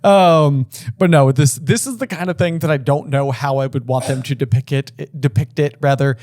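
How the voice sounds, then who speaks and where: A man's voice: medium pitch, normal speed, darkish tone. A man co-hosting a book discussion podcast, talking casually with lots of fillers and restarts. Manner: chatty, filler-heavy with many restarts. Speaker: podcast co-host.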